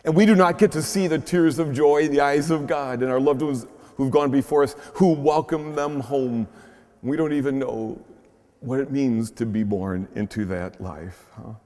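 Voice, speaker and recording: A man, a pastor, preaching earnestly with slow pauses and swelling emphasis, and speaking gently to children. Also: medium pitch. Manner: gentle, playful talk to children. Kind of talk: sermon. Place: large church shrine. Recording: long echo of a large church.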